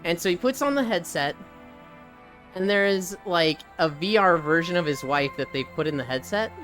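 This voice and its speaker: Animated streamer chatting on a treadmill. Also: mid-range voice, normal speed, soft background music. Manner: reads chat aloud and riffs, animated storytelling. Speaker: live streamer. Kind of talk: casual stream chat while walking on a treadmill.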